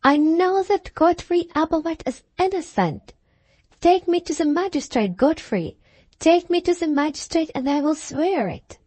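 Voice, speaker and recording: A woman's voice: sits high, animated, unhurried, darkish tone, no room sound, voice pushed up. A woman reading an audiobook, voicing a vehement young woman in hysterics who pleads and insists frantically. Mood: frantic.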